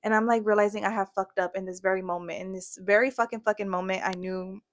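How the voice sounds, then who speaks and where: Fast-talking profane young woman storyteller. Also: medium pitch, steady tone. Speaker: podcast co-host. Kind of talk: casual chat.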